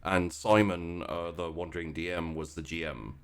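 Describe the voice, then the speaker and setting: A man chatting casually about a tabletop game show, halting and repeating words as he goes. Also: low-pitched, fairly even intonation, a crowd in the background. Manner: halting, stammering restarts, dry. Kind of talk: casual chat.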